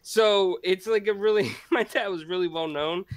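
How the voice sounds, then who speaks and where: A man's voice: sits high, normal speed, dry recording. A man chatting casually and rambling about family stories, laughing often and restarting his sentences. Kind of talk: casual chat.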